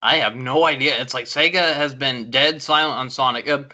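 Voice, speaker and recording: A man's voice: medium pitch, normal speed, bright, forceful tone, rough recording. A man chatting casually about video games, rambling with many ums and likes. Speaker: video reviewer and co-host.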